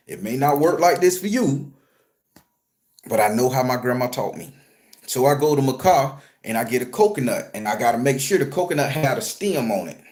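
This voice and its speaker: A man who works as a spiritual reader, telling a story to his viewers in an animated, profane, conversational way. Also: medium pitch. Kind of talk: storytelling vlog.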